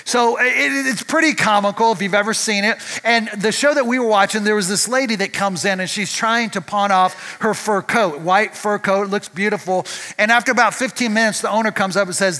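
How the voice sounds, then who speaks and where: Bright, high-voiced male pastor preaching. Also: brisk. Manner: conversational, asks the audience rhetorical questions. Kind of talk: sermon. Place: church.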